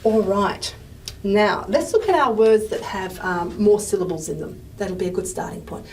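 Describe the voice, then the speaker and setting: A woman's voice: medium pitch, normal speed, darkish tone, slight background noise. A woman giving a pre-recorded linguistics lecture, thinking aloud and dropping to a murmur as she writes on the board. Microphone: microphone she wears.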